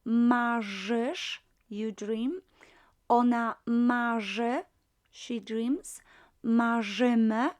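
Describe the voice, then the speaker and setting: Slow, patient Polish-accented woman teacher. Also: on the high side. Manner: patient, repeats "right?" after each point, many fillers. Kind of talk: grammar lesson explaining verb conjugation.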